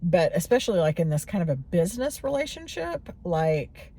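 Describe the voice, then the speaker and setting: Woman, forties, low voice, mellow tone, candid, rambling, reflective vlog talk. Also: sing-song, moderate pace, breathy edge. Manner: candid, rambling, many fillers and restarts. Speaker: vlogger.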